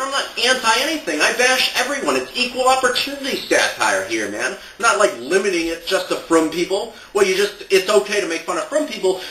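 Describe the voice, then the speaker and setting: A man's voice: high-pitched, animated, brisk, bright, forceful tone, distant mic, slight background noise. Exasperated ranting man, echoey room. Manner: exasperated, sarcastic, laughing at his own points. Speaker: satire blogger. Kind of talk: ranting monologue to camera.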